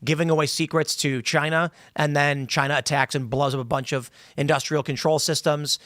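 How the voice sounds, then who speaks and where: A man hosting a panel talk show, laying out a long hypothetical scenario with animated delivery. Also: fairly high pitch, fairly quick, dry recording, clean studio sound. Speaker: show host.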